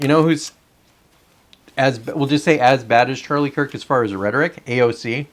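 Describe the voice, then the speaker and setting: A man's voice: medium pitch, lively intonation, normal speed, slight background noise. A man hosting a casual live stream, rambling and swearing as he reads chat comments aloud and reacts to them.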